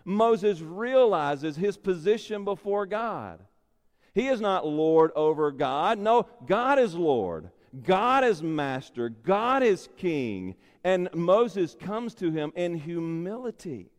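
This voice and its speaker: A male pastor preaching a sermon, slow and emphatic, repeating key phrases and building in intensity. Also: high-pitched, very animated. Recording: long reverb in a large hall.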